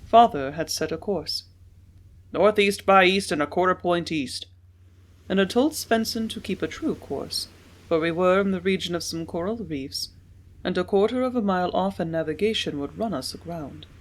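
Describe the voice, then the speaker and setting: A woman narrating an audiobook in a measured, steady reading voice. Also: on the low side. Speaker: audiobook reader.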